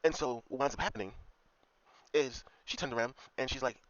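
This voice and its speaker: A man's voice: mid-range voice, a little fast, a bit bright, dry recording. Guy ranting on his vlog, swears a lot, keeps saying okay?, muffled dry mic. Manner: profane, repetitive, keeps asking "okay?". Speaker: commentary vlogger. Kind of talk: ranting commentary monologue. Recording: dull lo-fi dry recording.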